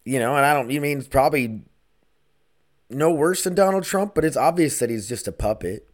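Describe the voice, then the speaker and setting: A man hosting a casual solo podcast, talking bluntly and rambling from one thought to the next. He swears freely, and his voice sits at an ordinary middle pitch for a man. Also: animated, brisk. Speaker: podcast host.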